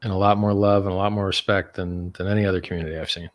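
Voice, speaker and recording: A man talking as a guest on a live stream, animated and profane, laughing at how absurd things get. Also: deep voice, very fast, muffled recording, crowd noise. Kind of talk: casual chat on a live stream.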